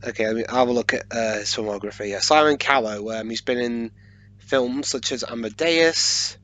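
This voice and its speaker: Male co-host, playful and quick to laugh, mid-range voice. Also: mid-range voice, fairly bright tone. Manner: joking and playful, with frequent laughs. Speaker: co-host of a watch-along commentary. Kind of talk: casual chat.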